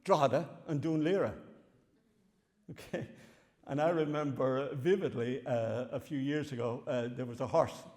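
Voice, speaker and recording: An older Irish man giving a wry, animated farewell lecture with slides in a large hall. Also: mid-range voice, normal speed. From Ireland. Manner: wry, animated storytelling with chuckles. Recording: long hall reverb.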